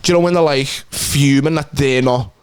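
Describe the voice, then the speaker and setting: A man's voice: mid-range voice, normal speed, clear, resonant tone, no echo. Young Scouse man, podcast co-host; rambling, sweary anecdotes, mid-range voice, dry booth sound. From Liverpool, England. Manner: rambling, sweary anecdote-telling with frequent laughs. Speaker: podcast co-host and stand-up comic. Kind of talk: casual chat.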